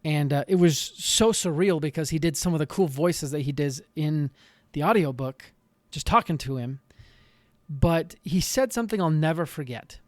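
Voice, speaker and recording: A man hosting a podcast, giving earnest, animated advice in a solo talk with frequent restarts. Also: fairly high pitch, normal speed, dry recording. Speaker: podcast host.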